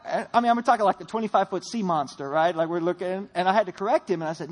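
Animated man preaching a sermon. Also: high-pitched, fast, hardly any pauses. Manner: animated storytelling with rising emphatic peaks. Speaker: pastor.

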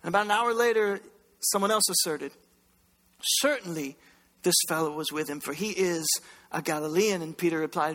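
A man preaching a sermon as pastor, impassioned, swinging between loud bursts and hushed lines. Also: on the high side, normal speed. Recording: long reverb of a large hall.

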